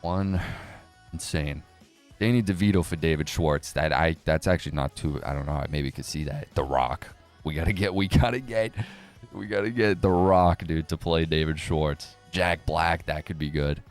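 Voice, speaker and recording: Deep-voiced man ranting on a stream. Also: moderate pace, soft background music. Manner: rambling, profane, sarcastic, jumps between topics. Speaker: crypto news streamer. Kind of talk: casual live-stream rant.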